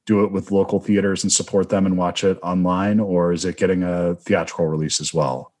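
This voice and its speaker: Deep-voiced, reflective male interviewer. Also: flat delivery, fairly quick, darkish tone. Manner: thoughtful, rambling, reflective. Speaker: film interviewer, host. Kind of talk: conversational interview.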